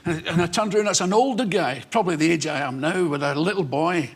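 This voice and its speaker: A Scottish man in his sixties, a comedian telling animated anecdotes in an interview and acting out the voices in them. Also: on the high side, fast, slight background noise. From Scotland. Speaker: comedian guest.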